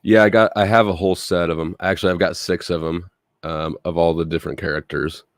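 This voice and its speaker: A man with a fairly low voice hosts a casual livestream chat, talking in a relaxed, rambling way and restarting his sentences. The sound is dry and close. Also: fast talker, dry recording. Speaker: livestream host.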